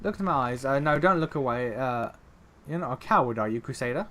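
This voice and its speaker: A man voicing a cruel killer from a game who taunts slowly and menacingly. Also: medium pitch, expressive, fairly bright tone, a little hiss or hum, lightly acted.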